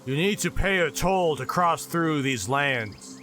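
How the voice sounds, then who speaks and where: A gruff, threatening giant, voiced by a man in a tabletop game, barking demands for gold. The voice sits a little high for such a brute. Faint music plays underneath. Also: expressive, a little slow, sharp tone. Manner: gruff, bullying. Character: menacing red-haired male giant toll collector.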